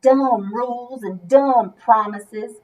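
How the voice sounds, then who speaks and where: A woman's voice: fairly high pitch, slow, a little mellow, voice pushed down, rough recording. A woman voicing a mean new schoolboy who growls and sneers his lines. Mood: snarling.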